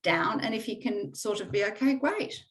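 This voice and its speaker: A middle-aged woman, a coaching client, speaking candidly and reflectively in conversation, halting often with fillers. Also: medium pitch, expressive, fairly bright tone, rough recording.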